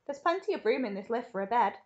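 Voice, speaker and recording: A woman voicing an eccentric, excitable grown man who runs a chocolate factory, speaking in a grand, reassuring way. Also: a little high, fast, lo-fi sound, lightly acted. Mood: breezy.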